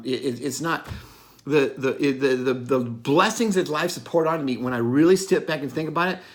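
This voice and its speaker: Middle-aged guy doing a blunt motivational talk, swears a lot, hammers his points, normal mid voice. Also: mid-range voice. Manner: blunt, profane, emphatic, laughs at himself. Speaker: motivational speaker. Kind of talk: unscripted motivational monologue.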